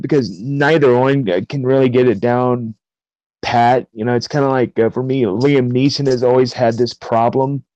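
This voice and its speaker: A man's voice: mid-range voice, darkish tone, no echo, muffled recording. Hesitant man podcast co-host. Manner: hesitant, many "uh" and restarts. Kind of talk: casual chat.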